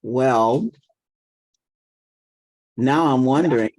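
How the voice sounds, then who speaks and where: A woman's voice: extremely low pitch, drawn-out words, a little mellow, rough recording. A woman in a group discussion, speaking earnestly and candidly about her feelings. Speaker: participant.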